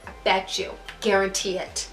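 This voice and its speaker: A woman's voice: medium pitch, flat delivery, normal speed, fairly bright tone. A young adult woman chatting casually to camera as a beauty vlogger, rambling and laughing at herself. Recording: echoey room with faint music.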